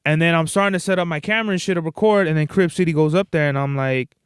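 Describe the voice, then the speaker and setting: A man's voice: fairly high pitch, fast talker, smooth, no room sound. Slangy, profane man, dry close sound. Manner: profane, slangy, rambling storytelling. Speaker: podcast host and stage performer. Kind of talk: casual solo monologue.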